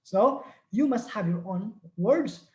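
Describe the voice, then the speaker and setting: A woman's voice: medium pitch, expressive. A woman teaching an online language lesson, with a voice that sits in the middle of the usual range. She explains step by step and says each example word twice. Her voice sounds echoey, as if she is in a bare room. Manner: explains slowly, repeats words for drilling. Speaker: Arabic teacher.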